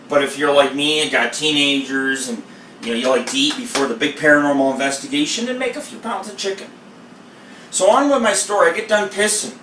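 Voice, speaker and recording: Telling a story while he cooks, a male cooking show host rambles and swears freely in a medium-pitched, bright, forceful voice. He's recorded in an echoey room, a bit far from the mic, with faint noise.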